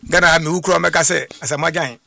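High, gravelly-voiced coach telling stories. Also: male voice, rapid-fire, no echo, studio quality. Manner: animated storytelling, repeats "What I say?". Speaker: football coach, studio guest. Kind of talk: casual sports talk.

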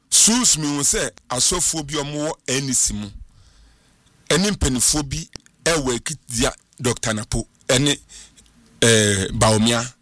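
A man on a radio talk show, a studio guest insisting on his predictions with animated, sing-song emphasis. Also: fairly high pitch, no echo. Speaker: studio guest giving prophecies.

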